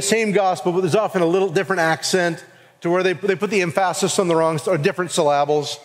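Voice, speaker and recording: A man giving an earnest sermon as pastor with a Southern US accent. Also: high voice. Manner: earnest preaching, acts out quoted voices. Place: church sanctuary. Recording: long reverb of a hall.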